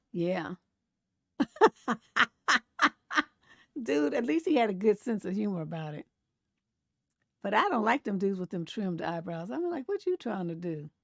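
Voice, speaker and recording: Sassy host, woman, gravelly and fairly high, animated meme commentary, dry close mic. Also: no room sound. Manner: animated, sassy, laughs often, mimics grumpy voices. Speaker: relationship coach and show host. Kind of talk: casual live-stream commentary reading memes.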